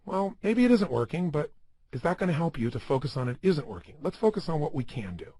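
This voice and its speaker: A man's voice: on the high side, big pitch swings, quick pace, a little mellow, husky, dry recording. A man giving a motivational seminar talk, speaking emphatically and asking the listener many rhetorical questions.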